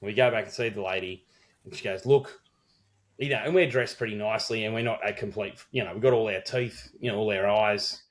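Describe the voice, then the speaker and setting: A man's voice: lowish voice, fairly quick. An Australian man co-hosting a podcast, telling a rambling, swear-heavy story in casual chat. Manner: profane, rambling storyteller with many restarts. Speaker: podcast co-host.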